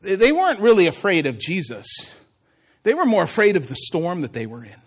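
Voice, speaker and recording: Animated, high-voiced male pastor. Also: normal speed. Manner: animated, humorous storytelling. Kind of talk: sermon.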